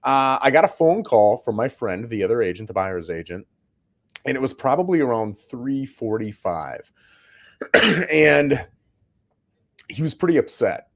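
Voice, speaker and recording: A man's voice: mid-range voice, sing-song, unhurried, pauses often. A man, a real estate agent hosting his own show, telling a story to camera in a casual, plainspoken way, often checking in with "right?". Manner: plainspoken, slangy.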